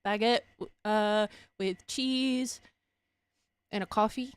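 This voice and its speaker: A young Cajun woman from Louisiana chats casually on her stream, unhurried and wandering from point to point. Her voice is smooth and clean, and the recording is close and dry. She often stops to correct herself, and laughs along the way. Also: mid-range voice, fairly even intonation, no echo. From Louisiana, USA. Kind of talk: casual chat.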